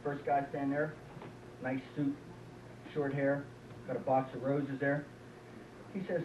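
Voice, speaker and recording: A man's voice: medium pitch, level tone, measured pace, pauses often, distant mic, a little hiss or hum. A man doing a stand-up comedy set in a small club, telling folksy jokes with lots of "uh" and "he says". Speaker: stand-up comic. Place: small club, live audience. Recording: echoey lo-fi club tape from afar.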